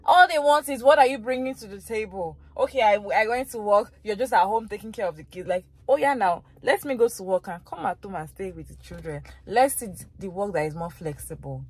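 A woman's voice: mid-range voice, brisk, few pauses, slightly rough, no room sound. A woman vlogger giving reaction commentary in an emphatic way, repeating phrases for effect.

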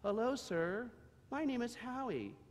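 A man's voice: extremely high pitch, big pitch swings, measured pace, voice pushed up, exaggerated voice. A man voicing a shy young male donkey with a broken bray, timid and hesitant. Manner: timid, hesitant, breaks into braying. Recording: long echo of a large hall.

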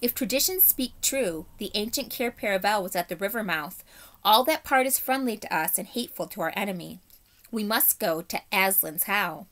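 A woman's voice: mid-range voice, lively intonation, moderate pace, fairly bright tone. A woman voicing a learned old male doctor giving careful counsel. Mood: grave.

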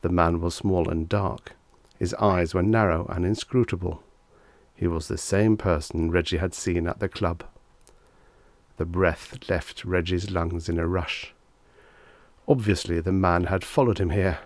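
Low-voiced male audiobook narrator. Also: steady tone, measured pace, no room sound. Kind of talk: vintage short story narration.

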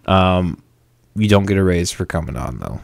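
A man's voice: low-pitched, expressive, moderate pace, vocal fry, no room sound. A young man hosting a podcast, joking and self-mocking and laughing often, on a studio mic with headphones. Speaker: podcast host. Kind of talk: casual chat.

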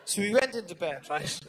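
A man with a Dublin Irish accent doing a live stand-up routine, energetic and swearing, checking in with "right?" again and again. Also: high-pitched, very noisy. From Ireland. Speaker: stand-up comedian. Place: comedy stage.

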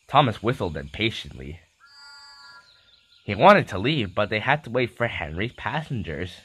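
A man's voice: on the low side, moderate pace, husky. Man reading a children's story. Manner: animated read-aloud.

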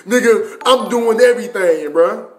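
A young man telling a story in a casual, animated, profane way with lots of slang and fillers. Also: sits high, a little slow. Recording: roomy echoey room.

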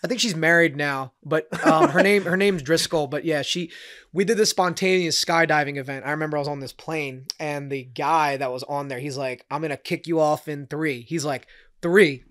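A man's voice: fairly high pitch, a little fast, fairly bright tone, no echo, clean studio sound. A man, guest on an interview show, telling stories in a laid-back, rambling way with chuckling asides. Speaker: interview guest, martial artist. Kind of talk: casual storytelling chat.

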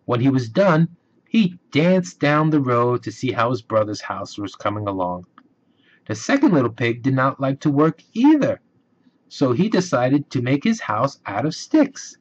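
A man reading a children's storybook aloud, slow and expressive. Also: medium pitch. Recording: dull lo-fi recording.

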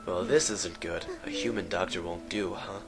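A man with a somewhat low voice talks through his gameplay in a loose, rambling way. He drops sarcastic asides and jokes as he goes. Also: moderate pace, over music. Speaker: let's player. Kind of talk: joking gameplay commentary.

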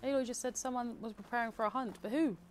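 A woman, a community manager chatting casually while playing a video game, low-key and absorbed in the game. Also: quick pace, slight background noise. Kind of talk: casual gameplay chat.

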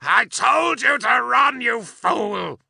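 A man voicing an ancient, dying, armored war-machine warrior with a grim, rasping, defiant voice. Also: on the high side, lively intonation, takes it slowly, bright, forceful tone, no echo, clean studio sound, heavily acted. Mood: angry. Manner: defiant, fatalistic.

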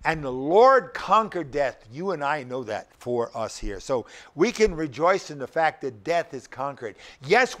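An older male pastor preaching a sermon, emphatic and often putting rhetorical questions to the congregation. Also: medium pitch.

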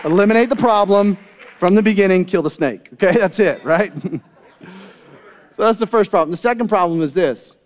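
Male pastor, high voice, chatty sermon full of rhetorical asides, long hall reverb. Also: moderate pace, a faint crowd. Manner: conversational, rhetorical questions and asides to the congregation. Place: church sanctuary.

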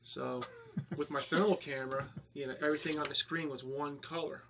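A man from New Jersey with a North Jersey accent, a paranormal investigator telling of his investigations in a halting way with many fillers. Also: a little high, fairly even intonation, background noise. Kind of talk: casual interview talk.

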